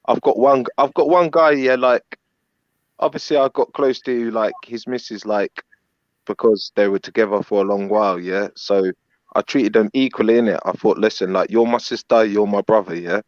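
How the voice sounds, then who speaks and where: Low-voiced man, rambling story. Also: normal speed, no echo, dull audio. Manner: rambling, filler-heavy storytelling. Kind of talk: casual storytelling chat.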